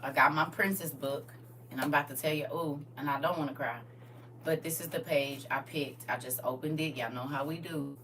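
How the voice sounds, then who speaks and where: Woman, live streamer, candid casual talk, speaking straight to viewers, low pitch, slightly distant phone mic. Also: steady tone, moderate pace, fairly bright tone, slight background noise. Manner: candid, talks directly to her audience.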